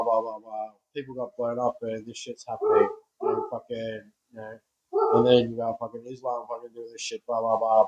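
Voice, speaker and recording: A young man ranting to camera, swearing constantly, dropping to a mutter and then bursting out loud in exasperation. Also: lowish voice, rough recording. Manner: profane, exasperated, repetitive ranting; swings between muttering and loud outbursts. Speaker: vlogger. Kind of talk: ranting monologue.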